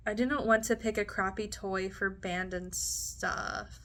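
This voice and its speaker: A woman in her late twenties reads entries from her teenage diary in a casual vlog. Her voice is bright, and she is chatty and giggly, stopping often for asides. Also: mid-range voice, fairly even intonation, slow, hardly any pauses. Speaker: vlogger reading her old diary. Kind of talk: casual diary reading with commentary.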